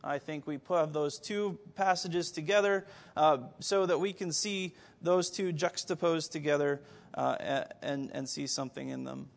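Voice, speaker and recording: High-voiced male preacher, animated questions. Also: unhurried, creaky. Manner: animated, rhetorical questions to the congregation; occasional stammered restarts. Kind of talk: sermon.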